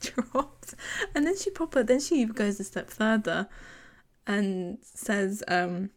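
Podcast co-host, young woman, casual and giggly, mid-pitched, acts out quotes while recapping. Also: lively intonation, slow pace. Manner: chatty, giggly, retells scenes in quoted voices.

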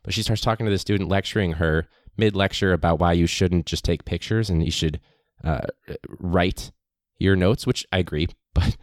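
A man's voice: sits low, normal speed, no echo, clean studio sound. A man, a teacher, hosting his podcast in a casual, rambling monologue full of fillers. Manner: chatty, rambling, many fillers.

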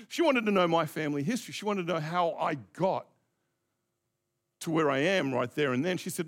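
A man's voice: a little high, expressive, a little fast, fairly bright tone. A middle-aged male pastor preaching a reflective, conversational sermon, asking his congregation direct questions.

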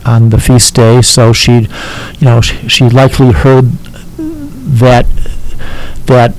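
A man explaining a text to a listener as a teacher, halting and often checking in with "okay?". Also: mid-range voice, wildly swooping pitch, slight background noise, low-quality recording.

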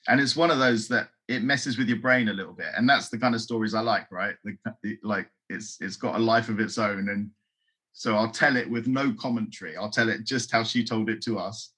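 A man as an interview guest, telling a long story with lively quoted voices. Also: on the low side, brisk, slightly rough. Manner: animated, acts out voices in quotes.

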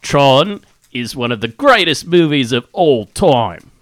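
A man's voice: medium pitch, sing-song, slow pace, no room sound. A hammy letter-reader in a put-on Australian accent, as a man puts it on, with a voice that swings widely up and down. The sound is dry and close. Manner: hammy, breaking into laughs.

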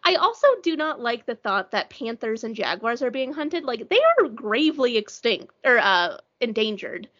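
A woman's voice: fairly high pitch, expressive, moderate pace, hardly any pauses, fairly bright tone. A woman co-hosting a casual book chat, rambling with lots of "like" and anxious humor. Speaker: book podcast co-host. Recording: dull lo-fi sound.

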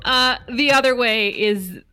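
A woman's voice: on the high side, a little slow, pushed and bright. A tired woman co-hosting a podcast in casual chat, joking and laughing often. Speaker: podcast co-host.

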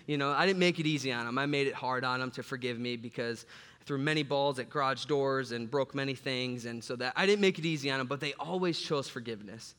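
Joking pastor preaching in a reverberant hall. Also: male voice, medium pitch, fast, clean tone. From south side of Chicago. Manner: animated, joking storyteller. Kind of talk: sermon with humorous personal story. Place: church sanctuary. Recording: long reverb from a large hall.

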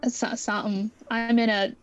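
A woman's voice: fairly high pitch, level tone, moderate pace, clean tone, muffled recording. A woman co-hosting an interview, bantering in a giggly, self-mocking way.

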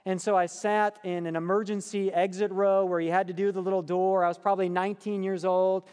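A middle-aged man preaching a sermon and telling personal stories, earnest, dropping to soft hushed passages and lifting to emphatic ones. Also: high-pitched, flat delivery, a little fast, smooth. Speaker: pastor. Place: church sanctuary. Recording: long reverb of a church hall.

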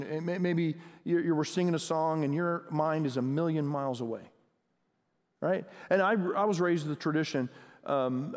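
High-voiced preacher in a reverberant hall. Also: male voice, darkish tone. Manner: conversational, asks the audience questions, builds in intensity. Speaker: pastor. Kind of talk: sermon. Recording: long reverb of a large hall.

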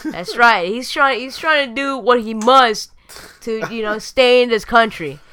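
Smooth-voiced woman with teasing quips. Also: a little high, pushed and bright. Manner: teasing and crude, quick quips. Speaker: podcast co-host. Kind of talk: casual joking chat.

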